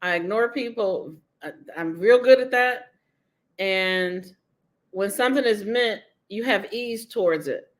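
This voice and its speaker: A woman's voice: medium pitch, unhurried. A woman author being interviewed, talking candidly and emphatically, laughing often.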